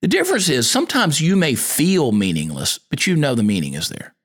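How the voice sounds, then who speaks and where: A man hosts a podcast in a folksy, sermon-like monologue. His pitch swings widely as he drives home his points, rising and falling with earnest conviction. His delivery is plainspoken and preacherly. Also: huge pitch swings, brisk, fairly bright tone. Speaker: podcast host.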